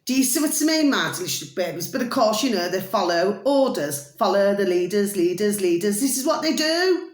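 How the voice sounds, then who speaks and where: A woman's voice: mid-range voice, expressive, brisk. A British woman in her fifties, talking straight to her viewers in a passionate, rambling monologue and often checking whether they follow her. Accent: British English. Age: 50s. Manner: passionate, repeats pet names and asks "do you see". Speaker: video uploader. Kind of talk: casual ranting monologue to viewers. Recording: roomy echo.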